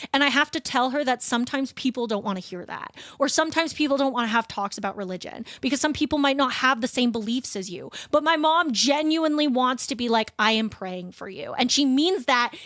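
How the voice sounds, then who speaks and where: Rambling high-voiced woman streamer. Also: a little fast, few pauses, a bit bright, no room sound. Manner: rambling, swearing, laughing, frequent restarts. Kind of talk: casual streaming chat.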